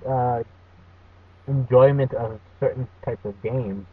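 A man's voice: mid-range voice, fairly even intonation, slow, husky, no room sound. A man co-hosting a casual podcast, dry and a little hesitant. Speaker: podcast co-host. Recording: distant, tinny phone-like audio.

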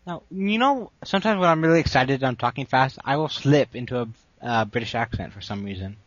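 A man's voice: mid-range voice, animated, brisk, no echo, highs cut off. A young man co-hosting a casual podcast, rambling and poking fun at himself. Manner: rambling, self-mocking. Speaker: podcast co-host. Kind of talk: casual chat.

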